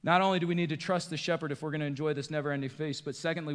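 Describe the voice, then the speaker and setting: A man from the northeastern United States preaches a sermon with a high voice. His delivery swings between hushed, low passages and rising emphasis. The long reverb of a church hall hangs behind him. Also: steady tone, very fast. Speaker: pastor. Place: church sanctuary.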